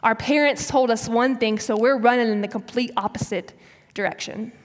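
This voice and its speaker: A woman's voice: fairly high pitch, steady tone, moderate pace. A woman in her early twenties giving a sermon, telling a personal story in a chatty way with casual fillers. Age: early 20s. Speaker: speaker. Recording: long hall reverb.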